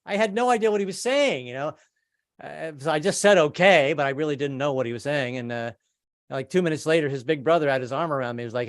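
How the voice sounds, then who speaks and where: A man's voice: mid-range voice, fast, dry recording, clean studio sound. A man doing a rambling stand-up set over a video call, stammering and repeating himself between jokes. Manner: rambling, stammering, trades in put-on voices. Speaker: stand-up comedian.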